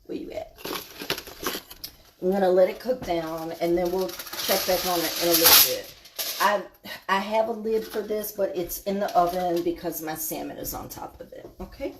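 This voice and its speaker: A woman's voice: lowish voice, moderate pace, noisy background. A woman, hosting a casual live cooking stream in her home kitchen, chatting with viewers and trailing off with fillers. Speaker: cooking show host.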